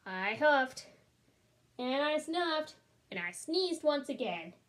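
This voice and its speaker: A woman reading a storybook aloud as a smooth-talking male wolf, chatty and wry in tone. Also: high voice, very animated, slow pace, exaggerated voice. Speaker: storybook reader. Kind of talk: children's read-aloud.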